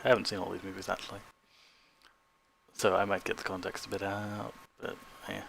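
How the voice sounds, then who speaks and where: A man's voice: on the low side, fairly even intonation, a little fast, creaky, a bit bright, soft background music. A man with an Australian accent chatting casually on a stream, laughing often and making self-deprecating asides. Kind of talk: casual stream chat between read lines.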